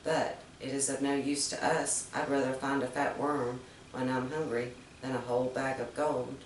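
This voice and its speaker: A woman's voice: a bass voice, level tone, normal speed, a little hiss or hum. A woman voicing an old male rooster in a storybook reading, speaking in a plain, matter-of-fact way. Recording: roomy, distant mic.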